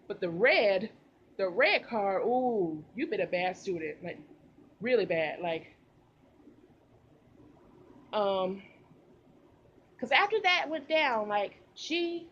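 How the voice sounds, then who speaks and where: A young woman vlogger recording outdoors, telling a casual storytime with animated delivery and slang. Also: fairly high pitch, highs cut off, a little hiss or hum. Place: outdoors in humid heat.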